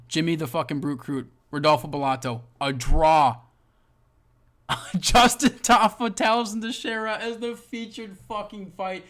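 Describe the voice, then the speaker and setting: A man hosting a casual reaction video, reading fan comments and ranting with lots of swearing, swinging between mutters and loud outbursts. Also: fairly high pitch. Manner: profane, exasperated ranting.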